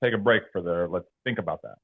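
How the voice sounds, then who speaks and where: Young man from California coaching insurance agents, animated, slangy, thin lo-fi sound. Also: low-pitched, fast talker, slightly rough. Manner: animated storyteller, slangy, laughs a lot. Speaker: insurance sales trainer. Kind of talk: motivational team talk. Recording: tinny phone-like sound.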